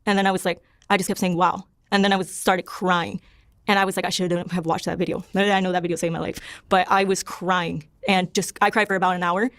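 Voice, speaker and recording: A woman's voice: on the low side, no echo, studio quality. A young woman from Panama, a podcast guest, telling her personal testimony in a rambling way, leaning on "like" and quoting herself. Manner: rambling, heavy use of "like", self-quoting.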